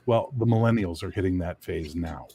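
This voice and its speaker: A man chatting casually on a gaming panel, opinionated and lively, now and then dropping into comic accents. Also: low voice, moderate pace, slightly rough. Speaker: game designer on a panel. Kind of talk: casual podcast chat.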